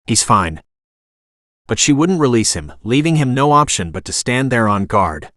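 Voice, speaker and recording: A man's synthetic voice reading a romance novel as audiobook narration, smooth and even in delivery. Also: mid-range voice, normal speed, no echo, studio quality. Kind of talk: scripted narration.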